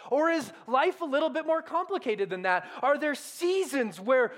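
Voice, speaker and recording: A man's voice: extremely high pitch, expressive, moderate pace, few pauses, fairly bright tone. A man preaching a sermon in a conversational, questioning way. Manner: conversational, self-deprecating preaching with rhetorical questions. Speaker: pastor.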